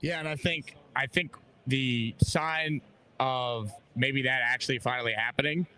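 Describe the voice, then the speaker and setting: Male sports radio host, chatty and upbeat, ordinary mid pitch. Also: fairly even intonation, unhurried, bright, forceful tone, a little hiss or hum. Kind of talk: live sports radio call-in show. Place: busy radio row at a big event.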